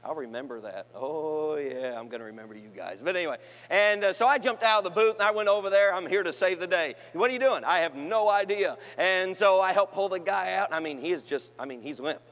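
A man preaching to young people, telling funny stories and swinging from shouted peaks to quiet asides. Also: fairly high pitch, a little fast. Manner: humorous storytelling with shouted climaxes and quiet asides. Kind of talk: sermon to a youth gathering. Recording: long hall reverb.

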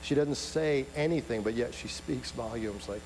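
A man preaching a sermon, swinging from loud, emphatic peaks to soft, intimate asides. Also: medium pitch, normal speed. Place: large church sanctuary. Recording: hall reverb, faint hum.

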